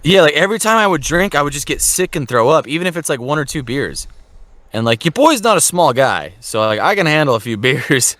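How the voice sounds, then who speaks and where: A man's voice: a little high, very animated, fairly quick, a bit bright, no echo. A young man telling a long crude story in a casual podcast chat, swearing often and acting out quotes with laughs.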